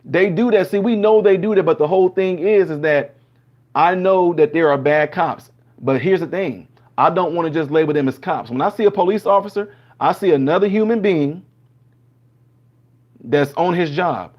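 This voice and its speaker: A man's voice: a little high, normal speed. A man hosting a show, talking casually and acting out conversations as he tells stories. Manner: animated storyteller acting out dialogues. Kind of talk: casual opinion monologue. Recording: dull lo-fi sound.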